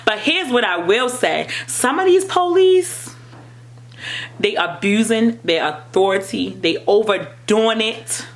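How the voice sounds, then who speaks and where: A young woman with an African American English accent, giving impassioned personal commentary as a vlogger, emphatic and repetitive. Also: medium pitch. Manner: emphatic, repetitive, rising to near-shouting.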